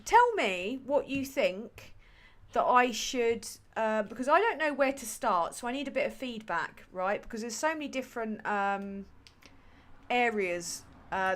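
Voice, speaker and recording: A woman hosts a casual political livestream, her voice sitting at a middling pitch. She talks in a sweary, rambling way full of ums and sardonic asides, as if chatting with regulars. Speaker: livestream host.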